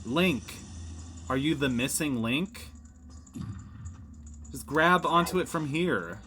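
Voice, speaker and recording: A man's voice: on the high side, animated, slow, pushed and bright, slight background noise. Rambling man narrating a video game. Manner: rambling, filler-heavy, self-mocking. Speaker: let's play host. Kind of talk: casual gameplay commentary.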